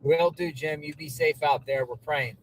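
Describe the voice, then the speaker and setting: A man's voice: fairly high pitch, normal speed. A man from Florida hosting a casual livestream, talking outdoors by a city street with a chatty, encouraging manner. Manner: chatty, encouraging, thinks aloud. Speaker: livestream host. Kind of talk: casual live chat. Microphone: phone livestream. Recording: noisy outdoor phone recording.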